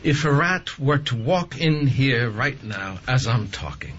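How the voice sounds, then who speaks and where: Creepy polite nazi officer, smooth and measured, dull audio with a faint hiss. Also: male voice, medium pitch, lively intonation, fairly bright tone. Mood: sinister. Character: menacing, silky, polite male Nazi officer.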